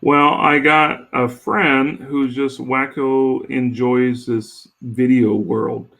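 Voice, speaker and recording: Guest male, mid-pitched, lively jokey storyteller, casual and rambling. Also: slow pace, vocal fry. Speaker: podcast guest, home cook.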